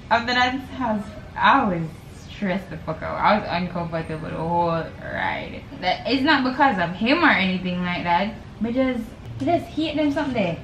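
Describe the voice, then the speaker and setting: Young Jamaican woman, vlogger, animated swearing rants in patois, faint background hiss. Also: a little high. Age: young adult. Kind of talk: casual chat while assembling furniture. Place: dorm room. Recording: echoey room, faint noise.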